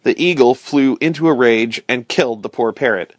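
Male storyteller, first-person read-aloud, steady and clear, dry close recording. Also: medium pitch, normal speed, no room sound. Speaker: narrator.

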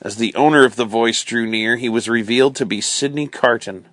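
A man reading a classic novel aloud as a bedtime story, calm and measured. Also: mid-range voice, no echo.

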